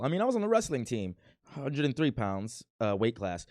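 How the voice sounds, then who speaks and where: A man's voice: mid-range voice, very animated, a little fast, darkish tone, no room sound, clean studio sound. A man in his thirties from Milwaukee, casually reacting to his old video in a playful, boastful, rambling way. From Milwaukee, USA. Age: 30s.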